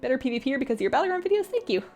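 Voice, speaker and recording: A woman's voice: high voice, very animated, very fast, a little mellow, dull audio. A woman game streamer chatting casually during a live stream, reading chat aloud and laughing often.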